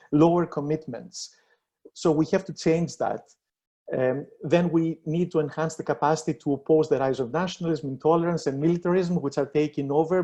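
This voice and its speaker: A man presenting a policy proposal in an online debate, earnest and halting, with many fillers and restarts. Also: a little high, warm tone.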